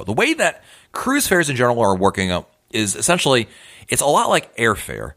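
A man's voice: medium pitch, wildly swooping pitch, a little fast, bright, forceful tone. A man hosting a podcast, giving tips in a casual, conversational way with emphatic asides. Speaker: podcast host.

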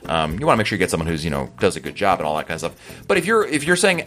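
A man's voice: low-pitched, big pitch swings, rapid-fire, a bit bright, faint music behind. A man hosting a podcast in a casual, chatty, rambling way as he answers listener emails. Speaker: podcast host.

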